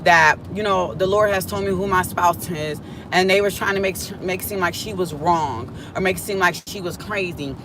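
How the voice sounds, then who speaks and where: A woman talking casually and excitedly to her live viewers from her car, speaking into a phone on a stand. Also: on the low side, moderate pace. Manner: casual, excitable, chatty slang. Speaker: prophetic content creator. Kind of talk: live prophetic vlog chat. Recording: car road noise behind.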